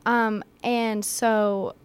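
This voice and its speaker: A woman's voice: on the high side, level tone, extremely slow, smooth. A young woman guest, a college freshman, telling her story in an earnest, eager way. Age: young adult. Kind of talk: casual chat.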